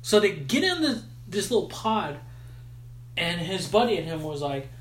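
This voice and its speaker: Man, casual podcast host, lively swooping pitch, slangy, swearing, echoey room. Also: moderate pace, a little hiss or hum. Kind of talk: casual film recap chat.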